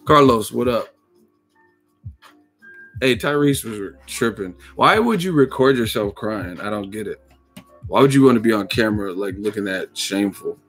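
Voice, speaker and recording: A man's voice: on the low side, animated, moderate pace, long pauses, fairly bright tone, soft background music. A man hosting a boxing livestream who talks casually, jokes, swears freely and laughs often. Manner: profane, joking, laughs a lot. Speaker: boxing YouTube host.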